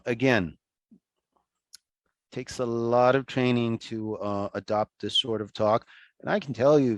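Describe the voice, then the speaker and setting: A man giving an online lecture over a video call, talking in a conversational, animated way with many restarts and asides. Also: on the low side, no echo.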